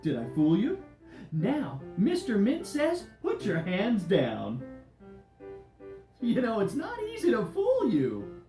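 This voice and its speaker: A woman's voice: mid-range voice, wildly swooping pitch, takes it slowly, long pauses, dark tone. Mr. Mint, bouncy friendly game leader, voiced by a woman. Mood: cheerful. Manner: bouncy, playful, coaxing children. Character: cheerful friendly male candy game leader. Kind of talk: children's DVD game hosting. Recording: roomy echo with music behind.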